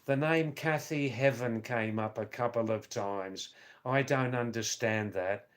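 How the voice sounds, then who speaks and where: A man hosts a live stream and reads viewers' comments aloud. He talks at an unhurried, drawn-out pace and rambles between replies. His voice sits at a middle pitch, and he tends to tease his viewers with dry asides. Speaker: live stream host reading chat. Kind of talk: casual live stream chat. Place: Nepal or India.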